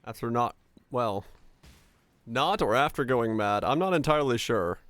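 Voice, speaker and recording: A man's voice: medium pitch, lively intonation, normal speed, a bit bright, no room sound. A man streaming live, rambling casually to his viewers with lots of filler words. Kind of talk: casual livestream chat with viewers.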